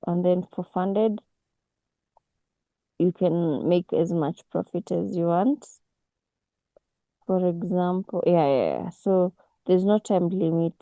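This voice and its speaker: A woman, teaching a casual online forex class over a video call, unhurried and full of restarts. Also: on the low side, warm tone, no room sound, rough recording. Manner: unhurried, with many restarts and fillers. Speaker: forex mentor.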